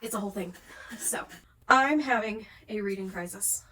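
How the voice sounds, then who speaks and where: A woman's voice: mid-range voice, moderate pace, sharp tone, far from the mic. A young woman ranting in a book vlog at home, rambling and swearing, worn out after a day of crying. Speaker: book vlogger. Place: home, with pets nearby.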